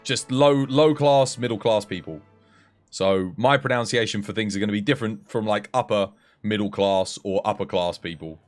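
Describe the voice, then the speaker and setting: A man with an English accent, chatting casually on a game livestream and coaching viewers in a relaxed, friendly way. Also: fairly low pitch, moderate pace, faint music behind. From England. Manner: relaxed, chatty, addresses chat as mate.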